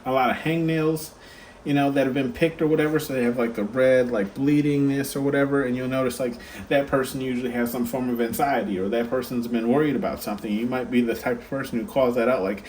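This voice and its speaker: A man's voice: mid-range voice, steady tone, fast, a little mellow, slight background noise. A man giving a casual pick-a-card tarot reading, rambling and chatty with lots of fillers and asides.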